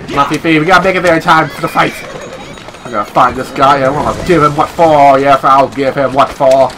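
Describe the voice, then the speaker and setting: A young man casually joking through a game playthrough, with sudden high yelps. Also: fast talker, background noise. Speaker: gameplay commentator. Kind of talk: casual let's-play commentary.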